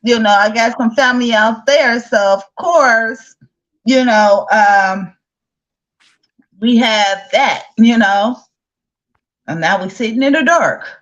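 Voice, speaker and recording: A woman's voice: a little high, slow, pauses often, fairly bright tone, muffled recording. A woman from Chicago with a Southern accent, hosting a casual live-stream chat, chatty and laughing often with a drawl. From south side of Chicago. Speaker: host.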